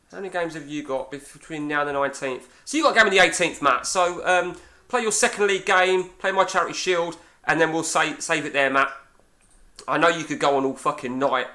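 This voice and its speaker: An English man in his forties talks over a game session in a loose, rambling way, swearing freely as he goes. His voice sits a little high, with a bright, sharp edge to it. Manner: animated, swearing, rambling storyteller. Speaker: gaming channel host.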